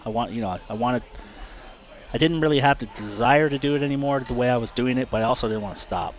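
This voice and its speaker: A man's voice: mid-range voice, fast talker. A man, a retired race car driver, talking candidly as an interview guest, often repeating himself and swearing. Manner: frank, repeats words and restarts, swears.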